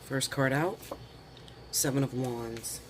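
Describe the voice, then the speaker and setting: Over a very noisy recording, a mid-range male voice belongs to a tarot reader giving a laid-back reading. He chats in slang, addresses viewers as girl and honey, and names the cards one by one at a slow pace before explaining them.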